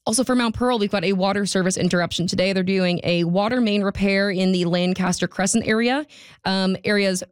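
A woman's voice: mid-range voice, brisk, clean tone, dry recording. A woman giving a radio road and traffic report in a studio, chatty with wry, sarcastic asides. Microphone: studio microphone.

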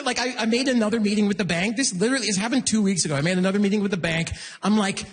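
A man doing stand-up, telling a story and jumping into excited voices for the people he quotes. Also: very fast, few pauses, big-room sound. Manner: animated, jumps into high excited voices for acted quotes. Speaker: stand-up comedian.

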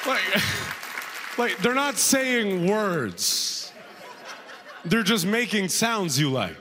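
A man telling a stand-up comedy story, animated and chuckling at his own jokes. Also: extremely slow, a crowd in the background, noisy background. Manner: animated, swings from high to low for punchlines.

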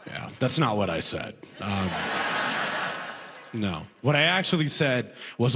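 Animated stand-up comic man. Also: mid-range voice, moderate pace. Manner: animated storytelling, frequent "right?" asides. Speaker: stand-up comedian. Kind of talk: stand-up comedy routine.

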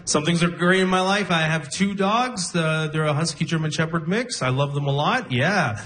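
A man in his twenties performs stand-up before a live audience, telling stories conversationally and acting out the people he quotes. His voice sits on the high side and is a bit bright, at a normal speed. Audience noise from the show can be heard.

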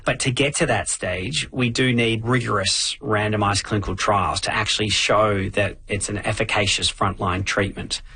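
A man, a doctor, explaining his clinical work in a measured way during a radio interview. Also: fairly low pitch, steady tone, bright, forceful tone, breathy edge. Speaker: infectious disease doctor, guest. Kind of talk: interview answers.

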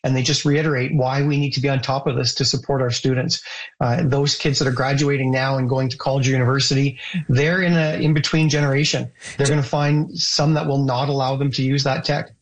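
A man answering radio interview questions about education in a steady, explanatory way. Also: mid-range voice, a little fast, low-quality recording. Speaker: education guest.

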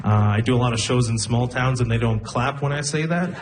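A young man doing a stand-up set, telling wry, self-deprecating stories and slipping into quick character voices. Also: medium pitch, heavy background noise. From Arab region. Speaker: stand-up comedian. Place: comedy stage with a laughing audience.

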